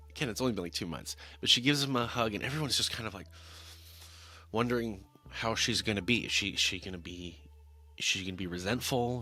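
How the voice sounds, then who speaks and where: A man's voice: low voice, bright, forceful tone. A man casually reviewing a film on camera, wry and rambling with many restarts. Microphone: talking-head camera mic.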